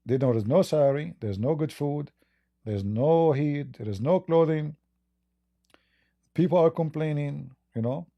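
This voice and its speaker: A man hosting a live call-in debate, speaking haltingly with repeated words and blunt, probing questions. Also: a little high, no echo, lo-fi sound. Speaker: debate host.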